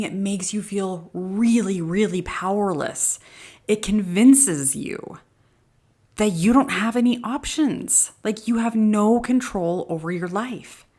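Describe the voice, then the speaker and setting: Woman podcast host, middle-aged, low-pitched voice, earnest, animated, laughs often. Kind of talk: casual motivational podcast talk.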